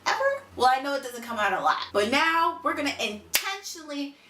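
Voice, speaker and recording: A high, animated woman coaching one listener with emphatic, repetitive lines. Her voice is bright and sits back from the mic. The room around her is echoey. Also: a little fast, recorded from a distance. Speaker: motivational speaker. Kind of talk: motivational address to one listener.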